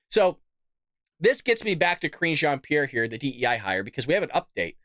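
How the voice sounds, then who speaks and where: A man's voice: a little high, big pitch swings, brisk, a bit bright, no room sound, clean studio sound. A man hosting his own show, delivering an exasperated, sarcastic political commentary rant. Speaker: show host.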